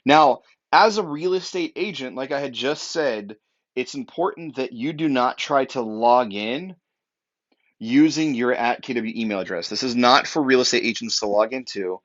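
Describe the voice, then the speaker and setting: A man's voice: medium pitch, moderate pace, fairly bright tone, dull audio. A young man, an upbeat real estate technology trainer, giving an emphatic walkthrough with lots of fillers.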